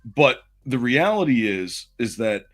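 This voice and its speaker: A man's voice: medium pitch, big pitch swings, a little slow, fairly bright tone. A man in his forties, a podcast co-host, telling a long personal story in casual, rambling fashion. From Southern United States.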